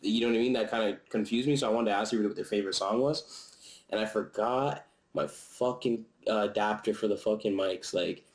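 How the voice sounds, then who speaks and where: A young vlogger's voice, on the low side and fairly quick, comes through a rough, reverberant recording from a camera-mounted mic. Slightly out of breath, he chats casually about a concert in a loose, slangy, profane style, often laughing.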